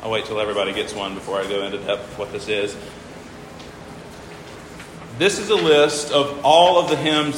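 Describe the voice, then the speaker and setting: A man's voice: medium pitch, fairly bright tone, reverberant, in a large hall, slight background noise, low-quality recording. A man teaching a class, patiently walking through examples and counting syllables aloud. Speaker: teacher explaining hymn meters. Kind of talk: informal classroom lecture.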